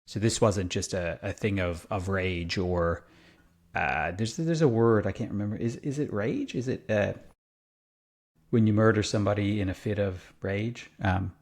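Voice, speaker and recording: A man with a low voice chats on a podcast in an easy, unscripted way. He wanders through his thoughts, restarting sentences and leaning on fillers while he looks for words. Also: moderate pace, a little mellow. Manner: rambling, searching for words, many fillers. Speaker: podcast co-host. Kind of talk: casual podcast chat.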